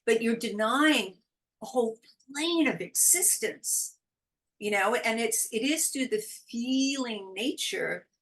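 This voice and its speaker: A woman talking as a guest in a relaxed interview, expressive and quick to laugh. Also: medium pitch. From California. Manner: expressive, animated, laughs often. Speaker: podcast guest, intuitive guide. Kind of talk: casual interview chat.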